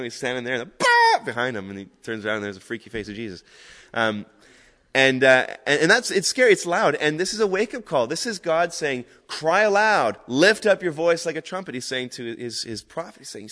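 A man preaching in a plain, mid-pitched voice, his words carrying a long reverb around the hall. He talks casually and loosely, like a minister who is not used to formal sermons, then works up to loud, fervent stretches. The delivery stays informal and direct. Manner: casual and rambling, building to loud, fervent emphasis. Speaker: Salvation Army minister.

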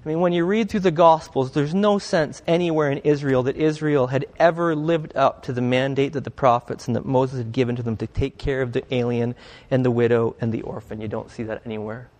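A man's voice: medium pitch, a little fast, darkish tone, long reverb tail. A male pastor preaching a conversational sermon, often putting questions to his congregation. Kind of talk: interactive sermon.

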